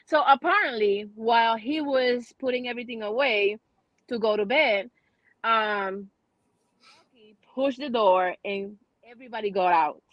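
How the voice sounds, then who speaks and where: Chatty woman host, fairly high voice. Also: unhurried, no room sound, muffled recording. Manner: chatty storytelling with many restarts. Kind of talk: casual chat.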